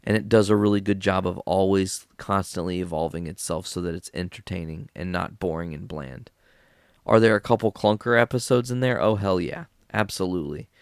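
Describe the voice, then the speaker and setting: A man's voice: sits low, fairly quick, clean tone, dry recording, clean studio sound. A man hosting a solo podcast, ranting bluntly with heavy profanity. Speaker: podcast host.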